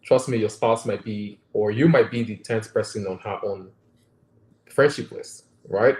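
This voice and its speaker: A man's voice: on the low side, unhurried, darkish tone. Earnest Nigerian man in a roomy space. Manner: earnest, reflective, keeps checking in with "right?". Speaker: guest doctor. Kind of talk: conversational interview. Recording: roomy echo.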